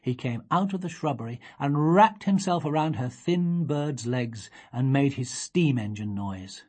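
A woman reading a children's storybook aloud. Her voice is low and husky. She is expressive and measured, with a wide, lively sweep of pitch. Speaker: reader.

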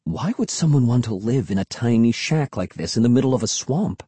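A man voicing a frightened young child lost in a swamp, in low, murmured lines. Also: lively intonation, fairly quick, mellow, breathy edge, dry recording. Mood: fearful murmur.

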